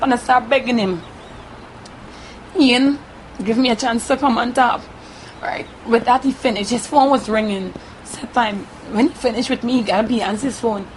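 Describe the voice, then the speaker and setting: A woman with a Guyanese Creole accent giving a halting first-person account, often repeating herself and tagging her sentences with "right?". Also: a little high, fairly even intonation, a little hiss or hum, poor audio. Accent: Guyanese Creole English. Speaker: interviewee.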